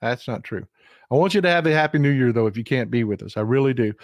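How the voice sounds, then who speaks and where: A man's voice: mid-range voice, expressive, quick pace, dry recording. A middle-aged man with a Texan accent, hosting a live stream and telling folksy stories in a chatty, emphatic way. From Texas. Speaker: livestream host. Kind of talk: casual chat.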